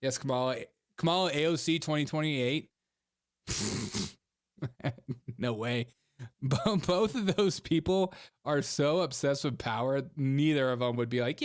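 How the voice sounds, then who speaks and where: A man's voice: mid-range voice, lively intonation, normal speed. A man hosting a live stream, chatting casually in a sarcastic, mocking way and laughing often as he reads out his viewers' messages. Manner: reads viewer chat aloud.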